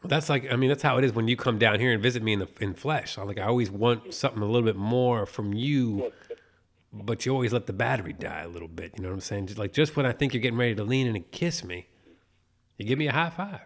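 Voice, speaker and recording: A man's voice: on the low side, fast. A man co-hosting a podcast, chatting casually and animatedly about movies, swearing and laughing often. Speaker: podcast co-host. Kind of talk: casual chat.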